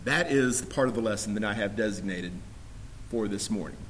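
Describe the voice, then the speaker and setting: A man preaching a sermon, earnest and building to emphatic appeals, with scripture read slowly. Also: lowish voice, a bit bright, a little hiss or hum, poor audio.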